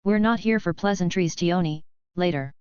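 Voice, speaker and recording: A woman's voice: lowish voice, moderate pace, a little mellow, clean tone, dry recording, muffled recording, lightly acted. A woman voicing a confident young man who leads his group, speaking bluntly and in a businesslike way.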